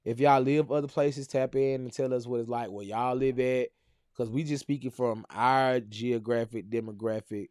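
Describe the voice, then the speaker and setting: A man's voice: medium pitch, steady tone, moderate pace, a little mellow, dry recording, studio quality. A man co-hosting a podcast in loose, joking casual chat, reading out sponsor plugs. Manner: loose and joking, breaks into shrieks and laughs. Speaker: podcast co-host.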